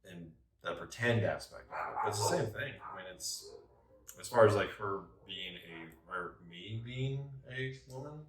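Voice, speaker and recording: A man in a casual roundtable chat about tabletop games, speaking thoughtfully and haltingly. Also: fairly low pitch, expressive, a crowd in the background. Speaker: tabletop game player. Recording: roomy, distant mic.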